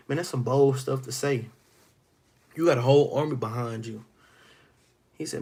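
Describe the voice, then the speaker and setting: A man leads a Bible study in a gravelly, husky voice. He reads a passage aloud and then retells it in casual street slang. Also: medium pitch, moderate pace, a little mellow. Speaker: Bible teacher.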